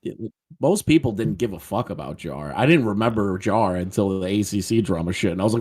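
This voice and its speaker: A man's voice: lowish voice, animated, fairly quick, a little mellow, breathy edge. A man co-hosting a casual commentary podcast, blunt and derisive, swearing freely. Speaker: podcast co-host.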